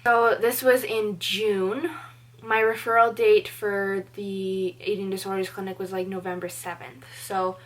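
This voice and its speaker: A young woman from Canada talks straight to the camera about her own life. She is earnest and chatty and leans on "like" as a filler. Her voice sits at an ordinary middle pitch for a woman. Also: flat delivery, measured pace. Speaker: vlogger. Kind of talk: personal storytelling to camera.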